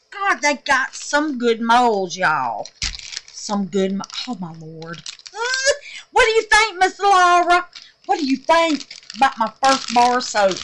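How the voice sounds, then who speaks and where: Woman vlogger, unhurried, gushing over her craft, sweet-talks viewers. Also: lowish voice, a bit bright, a little hiss or hum. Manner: gushing, exclamatory, calls viewers honey and babies. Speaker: soap-making vlogger. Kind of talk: casual craft vlog chat.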